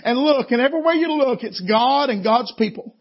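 A man preaches in a folksy, down-home way at a camp meeting and keeps calling on the crowd to answer him. His voice sits very high with a husky edge. The recording is dull and lo-fi. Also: lively intonation, fairly quick. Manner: folksy, down-home, calls for audience response. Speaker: traveling preacher. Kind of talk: sermon storytelling.

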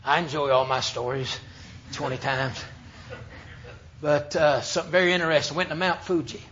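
A man from the United States, preaching an emphatic sermon that swings between loud and hushed. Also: on the high side, fairly even intonation, moderate pace, a little hiss or hum. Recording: dull lo-fi sermon recording.

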